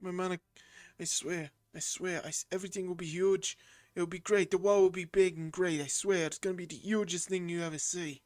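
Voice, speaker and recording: A woman's voice: on the low side, fairly even intonation, fairly quick, a little mellow, dry recording, clean studio sound, close to an everyday voice. Woman doing a bragging old politician. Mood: boastful. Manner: bragging, repetitive. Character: boastful older male politician.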